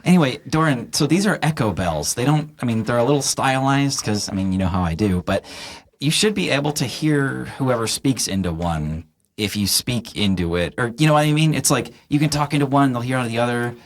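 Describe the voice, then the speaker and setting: A man voicing an eager, fast-talking young male tinkerer who rambles excitedly. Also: medium pitch, voice pushed up. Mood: rambling.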